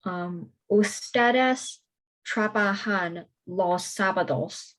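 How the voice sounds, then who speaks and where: A woman's voice: medium pitch, drawn-out words, rough recording. A woman student in an online class, reading the lesson text aloud carefully. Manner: careful, tentative.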